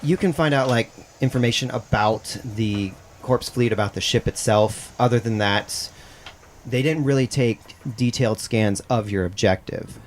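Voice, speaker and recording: A man running a tabletop game as game master, explaining in a relaxed way with plenty of fillers. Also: medium pitch, normal speed, slight background noise.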